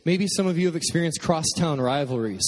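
A young man from Michigan preaching a sermon in a relaxed, conversational way, joking with the congregation between points. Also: a little high, a little fast. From Michigan, USA. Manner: conversational, jokey asides to the congregation. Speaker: pastor. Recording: long hall reverb.

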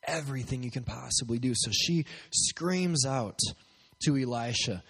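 A man's voice: medium pitch, measured pace, a bit bright, slightly rough. Man preaching in a reverberant hall. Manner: joking, asks the crowd questions. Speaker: pastor. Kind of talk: sermon with prayer. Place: church hall, at a podium.

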